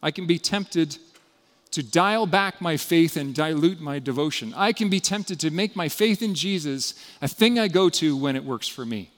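A man giving a sermon, retelling a story with dramatic shifts between loud emphasis and hushed passages. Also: fairly high pitch, lively intonation, normal speed, long reverb tail. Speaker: preacher.

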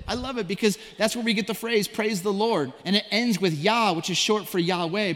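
A male pastor preaching a sermon and telling stories, dropping to a hush and then rising to loud cries. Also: high voice. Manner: storytelling preacher, swings from hushed to shouted. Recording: long hall reverb.

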